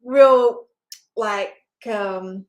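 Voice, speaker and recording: A woman's voice: mid-range voice, very slow. A middle-aged woman hosting a spiritual channel, talking casually and rambling, with many fillers and frequent laughs.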